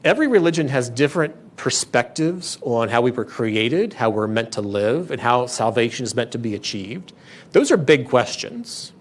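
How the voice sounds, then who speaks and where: A man preaching a sermon with an earnest, emphatic delivery, pressing his points hard and often circling back to restart a phrase. His voice sits at an ordinary middle pitch, and he speaks as a pastor addressing his congregation in a church. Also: sing-song, normal speed.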